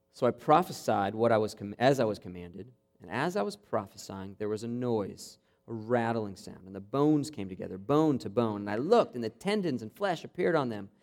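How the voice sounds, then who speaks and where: A man preaching a sermon to students in a conversational way, often checking in with "okay?" and growing animated as he retells a passage. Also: medium pitch. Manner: builds to animated, vivid retelling. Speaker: campus pastor.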